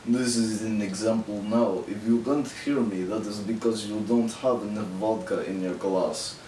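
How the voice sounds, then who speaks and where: A man doing a comic put-on Russian accent, voicing a vodka-joking Russian man in a deadpan way, with a roomy echo and faint hum behind. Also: lowish voice, moderate pace, recorded from a distance, natural voice.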